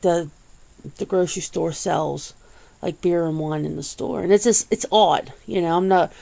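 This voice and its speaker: A woman hosting a casual, soft-spoken ASMR chat, rambling along with easy swearing and frequent laughs, close to the mic. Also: on the low side, creaky. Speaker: ASMR channel host.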